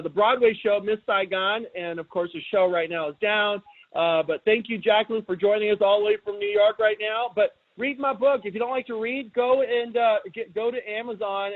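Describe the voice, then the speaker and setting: A middle-aged man hosting a webinar, talking in a casual, energetic way and often asking his listeners questions. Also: sits high. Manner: energetic, chatty, asks the audience questions. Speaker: webinar host. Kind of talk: casual motivational talk. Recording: tinny phone-like line.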